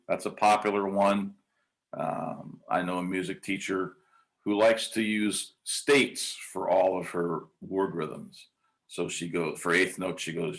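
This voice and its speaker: A male music teacher demonstrates rhythm syllables at a slow, deliberate pace. His voice sits a little low. He chants patterns and counts beats, pausing often on ums and uhs. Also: a bit bright. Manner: hesitant, many ums and uhs. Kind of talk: conference workshop demonstration.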